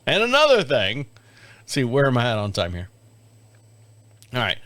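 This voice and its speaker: A man's voice: mid-range voice, wildly swooping pitch, moderate pace, a bit bright, dry recording. A man in his fifties hosting a podcast, telling a story in a casual, candid way, swearing and laughing often. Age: 50s. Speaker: podcast host.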